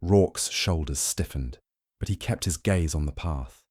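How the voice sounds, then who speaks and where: A man narrating a mystery audiobook in a measured, dramatic way. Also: a bass voice, darkish tone, dry recording, studio quality.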